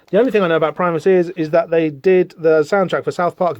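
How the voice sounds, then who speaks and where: A man's voice: a little high, steady tone, fast talker, hardly any pauses, no echo. A man hosting a podcast, chatting casually through a comic book with rambling, wry asides. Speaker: podcast host.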